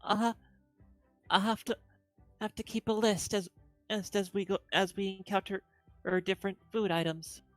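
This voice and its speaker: A woman voicing a cursed young adventurer who cannot feel anything, quiet and resigned. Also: mid-range voice, steady tone, moderate pace, dry recording, soft background music, lightly acted.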